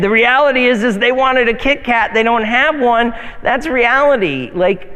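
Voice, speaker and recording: Pastor, male, high voice, animated sermon delivery, church hall reverb. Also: moderate pace, hardly any pauses, smooth. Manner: animated preaching with mocking whiny voices for quoted complainers. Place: church sanctuary.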